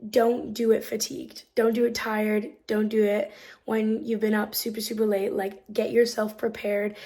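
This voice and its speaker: A woman's voice: medium pitch, level tone, moderate pace, mellow. A young woman chatting casually to her camera in a hostel room, upbeat and full of "um" and "like". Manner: chatty, upbeat, lots of fillers like "um" and "like". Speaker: travel vlogger. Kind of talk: casual vlog chat to camera.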